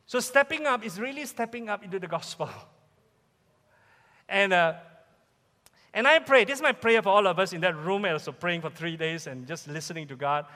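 A man's voice: high voice, normal speed, pushed and bright, in a large hall. A man with a Malaysian English accent, a pastor preaching an emphatic sermon in church and repeating his key questions. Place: church sanctuary.

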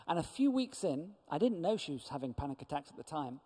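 Male church speaker, animated storyteller, voice a touch high, reverberant hall. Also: fast, breathy edge. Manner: lively storyteller who acts out quoted voices. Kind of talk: storytelling testimony talk.

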